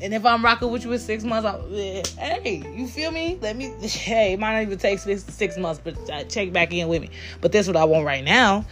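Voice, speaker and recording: A woman's voice: medium pitch, a little fast, hardly any pauses, a bit bright. A woman hosts her own podcast, speaking bluntly and with a lot of swearing. She keeps checking in with her listeners and laughs often, and faint music plays behind her. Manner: blunt and profane, with frequent filler questions and laughs. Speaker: podcast host. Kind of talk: candid solo podcast talk.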